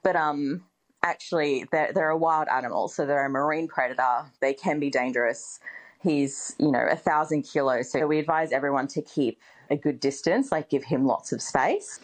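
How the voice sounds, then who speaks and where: A woman with a low voice speaks as an expert guest in a radio interview. She explains things in a measured way, with the odd "um" and "you know". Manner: explanatory, measured, casual fillers.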